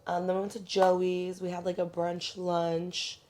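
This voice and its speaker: Low-voiced young woman, chatty podcast host. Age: young adult. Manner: relaxed, chatty, drawn-out speech with fillers. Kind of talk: casual chat.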